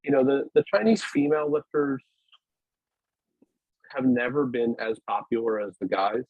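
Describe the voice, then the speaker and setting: This podcast guest, a weightlifting media founder, is interviewed casually over video and talks in a halting, meandering way, often starting over. He has a medium-pitched voice at a moderate pace, captured as dry, thin, phone-like call audio.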